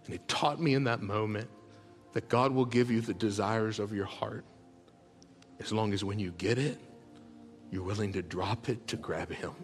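A man preaching a sermon as a pastor, telling tender stories in a soft voice and building to loud, rallying calls to the congregation. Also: fairly low pitch, moderate pace, long pauses. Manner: heartfelt storytelling that swells into loud rallying calls; drops to soft, hushed tones for tender moments. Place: large church auditorium. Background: soft background music.

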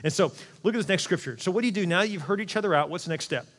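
A middle-aged man, a pastor, preaching an animated, conversational sermon with quick asides in a large church auditorium. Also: high voice. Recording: long hall reverb.

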